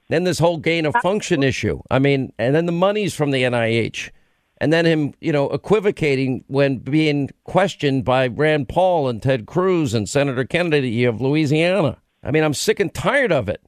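A man hosts a talk radio call-in show from a dry, close studio mic. His voice sits slightly high. He rants in an animated, exasperated way and talks over callers. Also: normal speed, dry recording.

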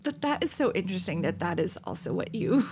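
Against a noisy background, a podcast co-host with a lowish voice talks fast. She's an animated storyteller in a casual chat, laughing often and acting out quotes as she goes.

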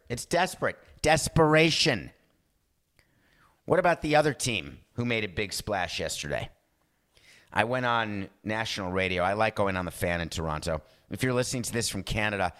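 Male sports talk host, lower voice, theatrical monologue with put-on character voices. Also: fairly bright tone. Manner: theatrical, acts out phone calls in character voices.

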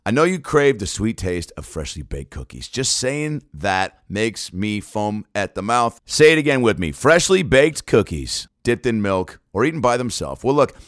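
A man reading a sponsor ad on his podcast in a playful, over-the-top way, jumping between hushed lines and excited outbursts. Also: on the low side, moderate pace, few pauses, dry recording, studio quality. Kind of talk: host-read ad, playful and exaggerated.

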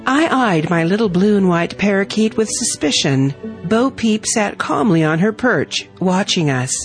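A woman reading her own heartfelt family story aloud in a gentle storytelling manner. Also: mid-range voice, expressive, normal speed, faint music behind. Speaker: story reader.

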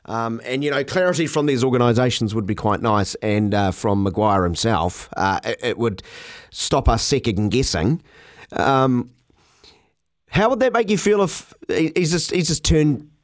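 A man's voice: mid-range voice, no echo, clean studio sound. A man with a New Zealand accent hosting talkback radio, easygoing, stumbling over restarts and calling callers mate.

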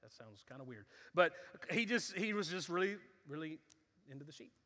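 Male pastor, high and bright, dramatic sermon delivery. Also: moderate pace. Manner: animated storytelling, acts out voices, builds to fervent intensity. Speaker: preacher. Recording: reverberant hall.

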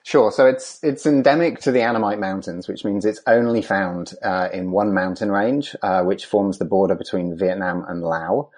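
A man, a conservation scientist, answering interview questions in a measured way with many ums and restarts. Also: low voice, a little mellow.

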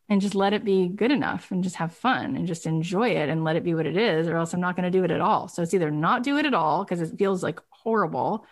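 A woman coaching a guest in casual motivational talk, emphatic and full of "right?" and "like". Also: on the low side.

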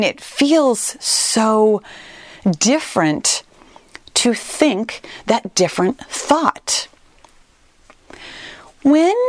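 An earnest woman speaks straight to her listeners in a motivational solo talk. Her pitch swings widely as she leans on and stretches out the words she wants to stress. The sound is dry and close, with no room echo. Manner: earnest and emphatic, with animated pitch leaps and drawn-out stressed words.

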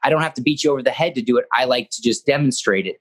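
Talking very fast in a medium-pitched, fairly bright voice, a young professional wrestler gives an earnest, casual interview. He rambles with restarts and acts out what he said.

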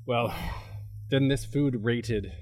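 A man's voice: mid-range voice, slow, darkish tone. A man co-hosting a podcast, chatting playfully and rambling through his thoughts. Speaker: podcast co-host. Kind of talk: casual chat.

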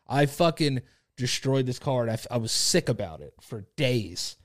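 A man's voice: medium pitch, animated, moderate pace. Profane, laid-back male podcast co-host. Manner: loose, profane storytelling. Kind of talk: casual chat.

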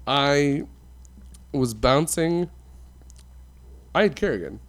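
A man's voice: fairly high pitch, animated, takes it slowly. Man telling a funny story, laughing. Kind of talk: casual chat.

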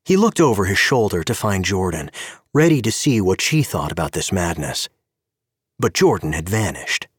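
Husky-voiced male narrator. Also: sits low, moderate pace, no echo, studio quality. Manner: expressive storytelling. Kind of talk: scripted narration.

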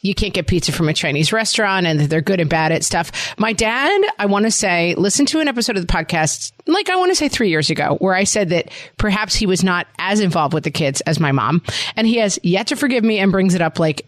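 Wry woman podcast co-host, lively pitch. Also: brisk, no echo. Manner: wry, deadpan grumbling. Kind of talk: casual chat.

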